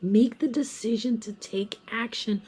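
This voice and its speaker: Mellow, husky-voiced woman reading tarot. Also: fairly high pitch, a little slow. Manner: chatty, emphatic, talks straight to viewers as "guys". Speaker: tarot reader. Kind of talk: casual pick-a-card tarot reading.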